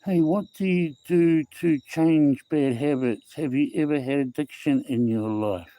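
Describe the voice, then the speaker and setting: A middle-aged Kiwi host chats loosely with his phone livestream audience in a fairly high, mellow voice at a measured pace, with no room sound. He reads comments out loud, rambles, repeats himself and often says "bro" and "eh."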